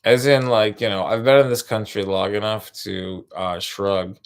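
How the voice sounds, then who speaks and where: A man's voice: fairly low pitch, fairly even intonation, normal speed, smooth. A man telling a rambling, profane stand-up story, full of restarts and asides. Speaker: stand-up comedian.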